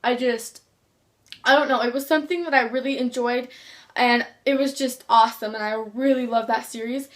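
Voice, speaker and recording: A woman's voice: a little high, steady tone, moderate pace. A teenage girl vlogging about books she loves, gushing and rambling with many restarts. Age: teens. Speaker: book vlogger. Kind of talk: casual chat to camera.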